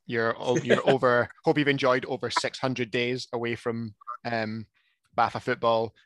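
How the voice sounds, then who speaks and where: A man chats and teases on a casual podcast, filling pauses with ums. His voice sits mid-range. The sound is dry and close. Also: mid-range voice, dry recording. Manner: relaxed, chatty, teasing, lots of ums. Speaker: podcast co-host. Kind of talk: casual chat.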